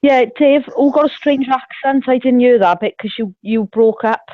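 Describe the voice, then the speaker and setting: A woman's voice: high-pitched, normal speed, dry recording. A woman in a casual group voice chat, direct and questioning. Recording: dry, dull lo-fi call audio.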